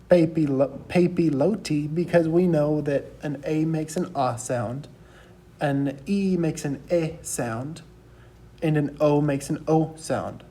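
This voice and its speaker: A male teacher narrating a recorded class lecture, slowly repeating each sound so students can follow along. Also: on the high side, dark tone. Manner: slow, patient letter-by-letter drilling with repetition.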